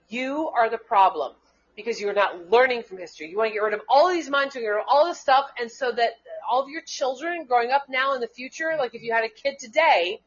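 A fairly high-voiced woman rants on a talk show, stumbling over her words, restarting again and again and swearing when angry. The sound is dull and lo-fi, like cheap internet radio. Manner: heated, rambling, many restarts and swearing. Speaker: co-host; schoolteacher. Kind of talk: casual political talk.

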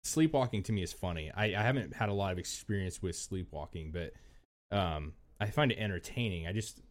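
A young adult man co-hosting a podcast, talking loosely and profanely in casual chat. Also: sits low. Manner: loose and profane, drawn-out phrasing. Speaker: podcast co-host.

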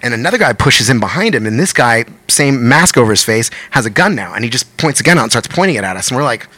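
A man, a musician, telling a story in a fast, animated podcast chat, with lots of swearing. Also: mid-range voice. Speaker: guest musician.

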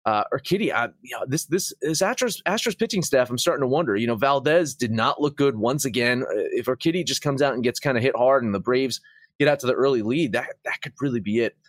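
A male sports betting host talks in an animated, profane way, and his voice rises when he makes a point. The sound is dry and close, with no room echo. His pitch sits in a middle range for a man. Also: fast. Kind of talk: casual sports talk.

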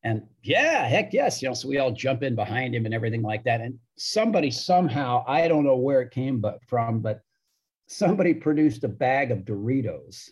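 A man's voice: medium pitch, big pitch swings, fairly quick, husky. A middle-aged man, a hockey broadcaster, telling anecdotes in a podcast interview and acting out the people he quotes. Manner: chatty anecdotal storyteller, acts out quoted voices.

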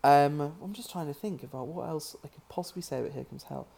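British man, halting and amused. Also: a little high, vocal fry, warm tone. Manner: halting, many restarts, amused. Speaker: filmmaker guest. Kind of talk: casual podcast interview.

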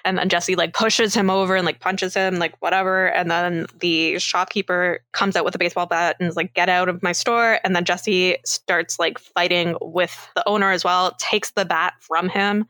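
A woman's voice: on the low side, level tone, normal speed, few pauses, bright, forceful tone, dry recording. A woman from Canada co-hosting a podcast, casually recapping a movie, acting out the characters' lines and laughing often. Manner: retells scenes, acts out quoted lines, laughs often. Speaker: podcast co-host.

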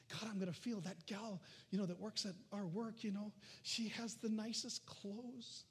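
A man preaching a sermon, animated, swinging from loud calls to hushed near-whispers. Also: sits high, moderate pace, hardly any pauses, slightly rough. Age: adult. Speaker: pastor.

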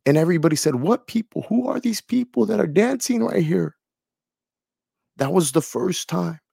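A man's voice: on the high side, gravelly, darkish tone, no room sound, clean studio sound. A man sharing a personal faith testimony in an earnest, emotional way, repeating phrases for emphasis. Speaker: testimony speaker.

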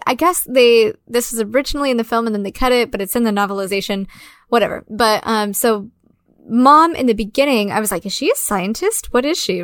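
A woman co-hosting a casual film discussion, chatty and full of fillers and quick asides. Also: a little high, dry recording, studio quality. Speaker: podcast co-host.

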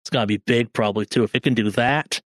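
A man voicing a rabidly excited male military major who talks boastfully and swears. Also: mid-range voice, quick pace, dry recording, clean studio sound, close to an everyday voice. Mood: gleeful.

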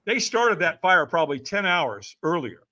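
His voice high, bright and forceful, a middle-aged man guesting on a podcast spins an animated story at normal speed. The personal development coach swings his pitch widely to play the characters he quotes and repeatedly asks "right?" to keep the listener with him.

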